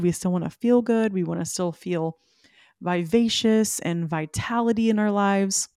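Woman doing a solo podcast, lively and emphatic, hyping up her listeners, dry close mic. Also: medium pitch, dry recording. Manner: animated, emphatic, self-affirming, addresses listeners directly. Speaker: podcast host. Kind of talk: solo podcast talk, motivational.

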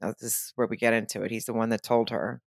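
A woman's voice: extremely low pitch, fast, vocal fry, no room sound, clean studio sound. A woman co-hosting a podcast, chatting casually about a reality show and acting out what people said. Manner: animated, acts out quotes in a raised voice. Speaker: podcast co-host.

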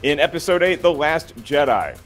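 A man's voice: a little high, big pitch swings, normal speed, soft background music. Playful man hosting a trivia game. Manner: playful, jokey, counts down timers. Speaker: trivia quiz host. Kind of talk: game show hosting with banter.

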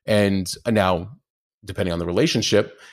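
Animated man in casual conversation. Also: deep voice, normal speed, no echo, clean studio sound. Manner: animated, acts out his inner dialogue. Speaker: podcast guest.

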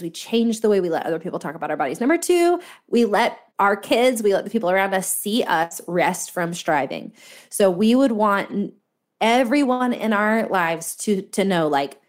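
A woman in her thirties, a guest author talking in a faith-based podcast conversation, earnest and emphatic, repeating key points. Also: medium pitch. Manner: earnest, preachy, emphatic repetition.

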